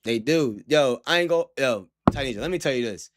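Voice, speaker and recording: A man's voice: mid-range voice, lively intonation, fairly quick, background noise. A young man talking casually to his livestream chat, rambling with lots of slang and frequent laughter.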